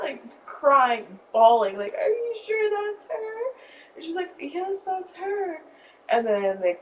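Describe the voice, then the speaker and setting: A woman's voice: lowish voice, recorded from a distance, slight background noise, low-quality recording. A young woman from Arizona rambling through an emotional personal story with lots of fillers while she plays a game. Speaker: streamer telling a story. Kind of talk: casual storytelling while gaming.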